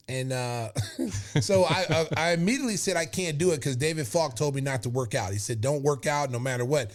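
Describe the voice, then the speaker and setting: A man in his fifties hosting a podcast, telling a lively story and laughing often as he goes. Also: mid-range voice, a little fast. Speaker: podcast host. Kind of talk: animated storytelling.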